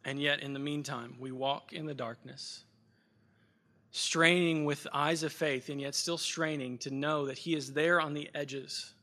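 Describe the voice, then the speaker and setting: A male pastor delivers a sermon, earnest and reflective, circling back on phrases to drive them home. His voice is bright and forceful, at an ordinary pitch for a man. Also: flat delivery, normal speed, few pauses, long reverb tail.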